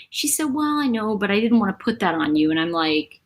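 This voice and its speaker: A woman's voice: medium pitch, sing-song, fairly quick. A middle-aged woman hosting a casual live chat, talking in a rambling, chatty way to her viewers. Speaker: livestream host.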